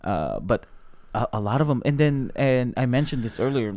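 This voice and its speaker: A man's voice: medium pitch, big pitch swings, moderate pace, a little mellow. A man co-hosting a podcast, reviewing a movie in casual chat, blunt and opinionated with plenty of fillers. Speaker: podcast co-host.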